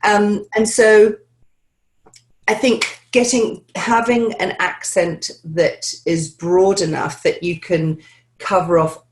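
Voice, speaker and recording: A woman's voice: medium pitch, steady tone, slow. A woman speaking as an accent coach in an interview, chatting loosely with many "you know" fillers, over a video call. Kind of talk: conversational interview answers.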